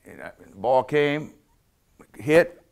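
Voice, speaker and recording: A man's voice: medium pitch, lively intonation, slow, vocal fry, a little mellow, clear, resonant tone. Man telling a funny personal story. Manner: self-deprecating, humorous anecdotes.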